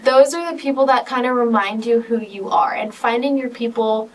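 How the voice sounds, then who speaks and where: A woman's voice: fairly high pitch, normal speed. Teen girl, distant mic, faint noise. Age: teens. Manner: emotional, rambling storytelling with many "like"s. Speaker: podcast co-host. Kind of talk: casual personal talk.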